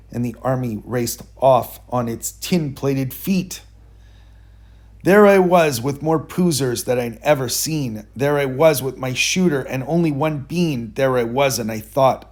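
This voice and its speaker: A man reading a rhyming children's story aloud in a rhythmic, expressive way. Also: medium pitch, a little slow.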